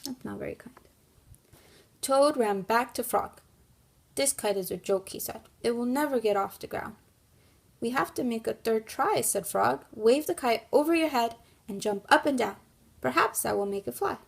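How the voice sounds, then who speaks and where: Woman teacher, slightly high voice with some gravel, reads a story to kids and talks it through patiently. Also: animated. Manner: gentle, guiding, thinks aloud with pauses. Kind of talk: classroom read-aloud and lesson.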